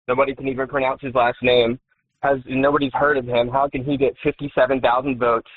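A man's voice: medium pitch, husky. A male caller from Kentucky who talks earnestly and hesitantly, with many "uh"s. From Kentucky, United States. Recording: phone line.

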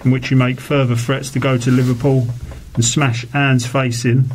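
A man conducting a formal police interview, reading out exhibits in a measured, procedural way. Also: mid-range voice, flat delivery, darkish tone, slight background noise. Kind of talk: formal questioning.

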